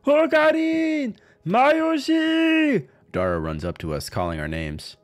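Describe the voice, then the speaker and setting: A man's voice: rumbling low, little pitch movement, a little fast. A man streaming a visual novel, reading it aloud dramatically and breaking into crude, jokey asides.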